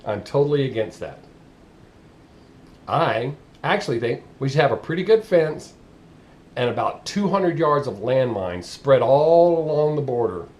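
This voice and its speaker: A man's voice: mid-range voice, a little mellow. A man with a Southern US accent, ranting bluntly and profanely in a casual vlog monologue. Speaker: vlogger.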